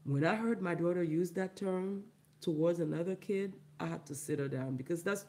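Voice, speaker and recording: Loud, profane ranting woman vlogger. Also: normal speed. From Haiti. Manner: loud, emphatic, profane, laughing, big pitch swings. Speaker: vlogger and comedian. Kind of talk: ranting commentary vlog.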